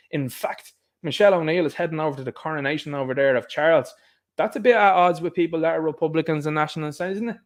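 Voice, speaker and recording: A man with an Irish accent giving a casual political monologue, sarcastic and animated, laughing at his own jokes. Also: fairly high pitch, fast. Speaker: political commentator.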